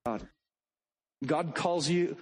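Pastor, sermon delivery, high husky voice, theatrical and dramatic. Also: male voice, extremely slow. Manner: animated, dramatic, swings between loud pleading and soft tones.

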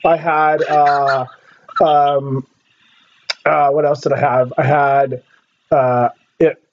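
A man from California hosts a casual podcast chat, his voice pitched high. He teases his guests, laughs often and trips over his own restarts. The recording sounds dull and lo-fi. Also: flat delivery, takes it slowly, slight background noise. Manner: chatty, teasing, laughs a lot, many restarts. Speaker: podcast host.

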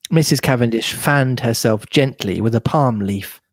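A man reading a novel aloud in a measured, steady manner. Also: mid-range voice, no echo, clean studio sound. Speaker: reader.

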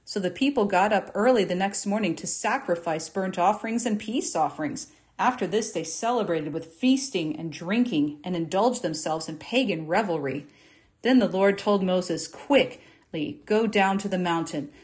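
A woman reading a Bible passage aloud in a measured, expressive way, lifting her voice for the quoted speeches. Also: lowish voice. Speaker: Bible reader. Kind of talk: scripture reading.

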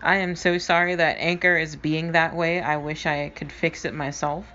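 Female podcast host, deep-pitched, informal solo chat with listeners. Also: level tone, moderate pace, sharp tone, dull audio, slight background noise. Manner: chatty, informal, trailing fillers.

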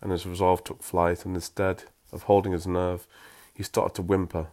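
A man's voice: sits low, level tone, moderate pace, a little mellow. A man reading a story aloud, breaking off for wry, self-mocking asides.

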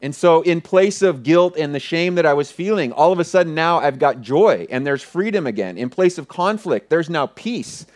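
A pastor preaching, retelling a personal story earnestly and often dropping to a hushed voice. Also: male voice, on the high side, expressive, normal speed, hardly any pauses. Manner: earnest, vivid retelling with many soft hushed passages. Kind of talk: sermon storytelling.

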